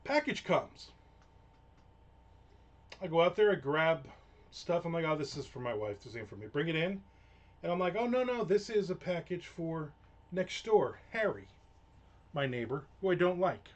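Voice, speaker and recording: A man's voice: fairly high pitch, big pitch swings, normal speed, long pauses. A man on a live stream, telling an aggravated, profane story in a casual rant. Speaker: livestream host. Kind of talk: casual ranting monologue.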